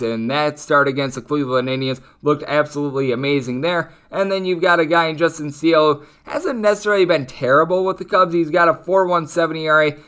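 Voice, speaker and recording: A man hosting a sports betting podcast, running through player stats and betting lines with quick asides. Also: fairly high pitch, sharp tone, smooth. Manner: rapid-fire stat rundown with quick jokes. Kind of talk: solo betting analysis.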